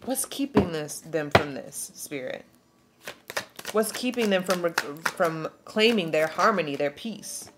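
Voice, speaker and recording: A woman's voice: lowish voice, lively intonation, takes it slowly, loud music behind the voice. A woman giving a spiritual tarot reading to camera. She preaches in an emphatic, slangy way, reads aloud from a card book, and is tearful. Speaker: tarot reader.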